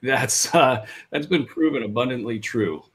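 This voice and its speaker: A man's voice: medium pitch, moderate pace. A man co-hosting a live podcast in casual chat, joking, rambling and poking fun at himself. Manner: joking, rambling, self-deprecating. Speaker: podcast co-host.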